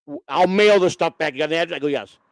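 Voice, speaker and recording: A man with a fairly high, gravelly voice speaks fast, his tone clear and resonant in a dry recording. Hosting a casual chat, he tells a long story bluntly, swearing a lot and restarting often as he rambles.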